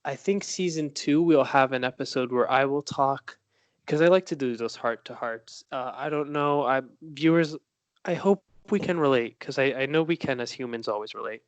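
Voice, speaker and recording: A man co-hosts a casual podcast over a video call, speaking with a candid, reflective ease. His voice is hoarse from a lot of laughing and sits at an ordinary middle pitch. The sound is dry, with no room around it. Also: moderate pace, no room sound. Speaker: podcast co-host.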